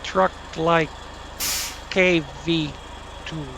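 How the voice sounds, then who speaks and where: A man's voice: a little high, steady tone, drawn-out words. A man putting on a mock Russian accent to voice a proud Russian man boasting about a military truck in broken English. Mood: boastful. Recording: loud truck engine game noise behind.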